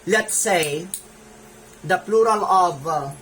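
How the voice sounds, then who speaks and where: A woman's voice: on the low side, slow, fairly bright tone, far from the mic, slight background noise, low-quality recording. A woman with a Filipino accent teaching a grammar lesson. She repeats key points, spells out letters and keeps checking in with "okay?".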